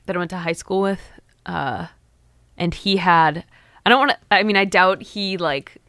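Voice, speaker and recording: Podcast guest, woman, lowish voice, chatty filler-heavy talk, dry sound. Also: moderate pace, fairly bright tone, dry recording. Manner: chatty, lots of likes and ums. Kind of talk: casual chat.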